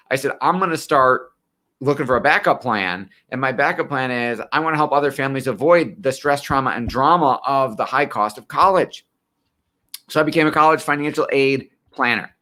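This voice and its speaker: Bright-voiced middle-aged man telling his story. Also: mid-range voice. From western New York. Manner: conversational storyteller, earnest and direct. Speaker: college financial aid planner. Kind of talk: personal origin-story talk.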